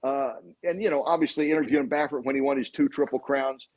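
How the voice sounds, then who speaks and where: A sportscaster being interviewed, telling rambling anecdotes full of fillers. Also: male voice, medium pitch, fairly even intonation, fast, a little mellow. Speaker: sportscaster guest. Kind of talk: casual interview storytelling. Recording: dull lo-fi recording.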